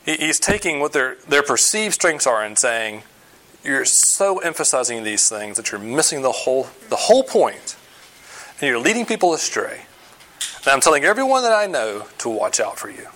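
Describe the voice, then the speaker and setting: A man's voice: mid-range voice, sing-song, moderate pace, sharp tone. Man preaching a conversational sermon. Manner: conversational preaching with frequent fillers; emphatic, explaining scripture. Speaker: pastor.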